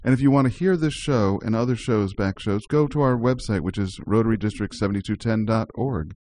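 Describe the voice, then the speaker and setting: A man's voice: fairly low pitch, a little fast, a little mellow. Chatty man hosting radio. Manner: chatty, laughs easily, restarts often. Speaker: radio show host. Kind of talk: casual community radio chat.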